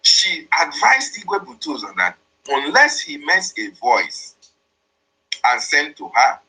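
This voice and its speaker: This political commentary host speaks slowly, his slightly high, husky voice bright and forceful, with wildly swooping pitch. He explains a played voice message line by line, emphatic and repetitive, on a low-quality recording.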